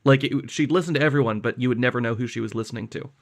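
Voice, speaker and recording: A man's voice: mid-range voice, racing. A young man from Canada co-hosting a podcast in casual chat, with dry, self-mocking humor. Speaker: podcast co-host.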